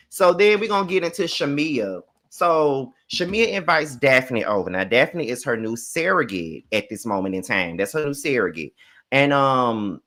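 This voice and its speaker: A man giving a casual, profane recap of a TV episode, with lots of fillers and swings between loud outbursts and quiet asides. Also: mid-range voice. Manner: chatty and profane, with many fillers. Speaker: TV show reviewer.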